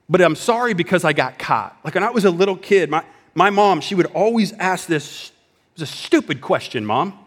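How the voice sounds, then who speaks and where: A man preaching a sermon in a conversational style, dropping at times to a hushed voice for emphasis. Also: high-pitched, lively intonation, a little fast, breathy edge, in a large hall. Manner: conversational preaching with dramatic drops to a whisper. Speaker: pastor.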